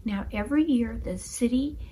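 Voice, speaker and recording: A woman reading a children's story aloud in an expressive, exclamatory way. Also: fairly high pitch, normal speed, husky. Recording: guitar music behind.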